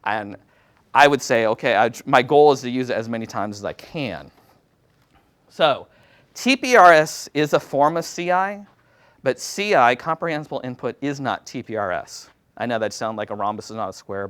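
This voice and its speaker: A man's voice: mid-range voice, normal speed, a bit bright. A man who teaches Latin, giving a casual workshop presentation to other teachers in a self-deprecating, chatty way. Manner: casual, self-deprecating, chatty with many fillers and quoted asides.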